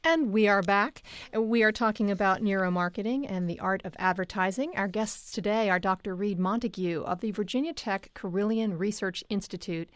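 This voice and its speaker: A woman hosting a public radio talk show, introducing guests and moderating in a clear, conversational way. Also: medium pitch, moderate pace, no room sound. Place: radio studio.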